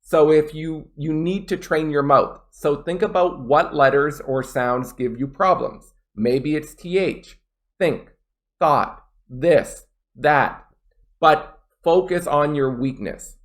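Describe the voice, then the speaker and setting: A native English-speaking man gives test-prep pronunciation tips. He talks slowly and deliberately, in a voice that sits a bit high for a man, and he demonstrates each point with care. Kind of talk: pronunciation lesson.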